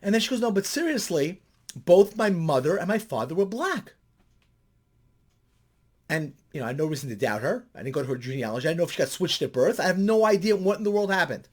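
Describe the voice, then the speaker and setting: In his vlog, a middle-aged counselor tells stories with real animation, his voice rising high when excitement takes over.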